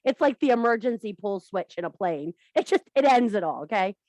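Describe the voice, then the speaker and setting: A woman leading a workshop, telling an old story in her own irreverent way. She swears freely, checks in with her listeners and keeps things animated. The recording is dry and close-miked. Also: medium pitch, a little fast, dry recording. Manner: profane, animated, talks to the audience. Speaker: workshop leader.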